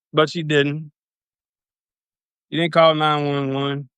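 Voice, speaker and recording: A man tells a personal story on a livestream in a loose, rambling way, swearing freely. His voice sits a bit high and comes across smooth and clear. The sound is dry and close. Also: flat delivery, slow pace, fairly bright tone, no room sound. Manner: profane, rambling, loose retelling.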